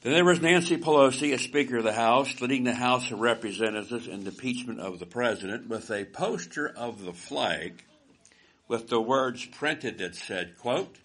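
A man giving political commentary, reading quotations aloud and picking them apart with deliberate, pointed emphasis. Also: mid-range voice, fairly bright tone. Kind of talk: commentary reading and critiquing quotes.

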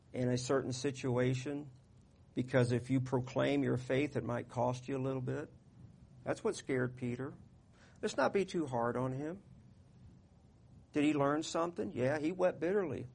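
A man preaching a sermon in a folksy, conversational way, getting louder when he reads scripture. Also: mid-range voice, creaky. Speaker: pastor.

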